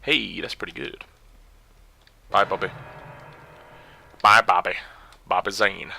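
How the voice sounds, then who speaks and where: A young man giving live commentary while playing a game, swinging from quiet muttering to excited yelps. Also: sits low, slow, vocal fry, a little hiss or hum. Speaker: streamer.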